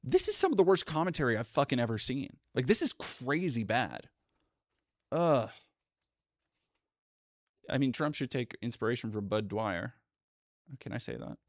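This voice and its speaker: A man's voice: medium pitch, big pitch swings, no room sound. Male streamer, casual reaction commentary, swears freely, stops and restarts, dry close sound. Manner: profane, blunt, halting restarts. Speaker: livestream host.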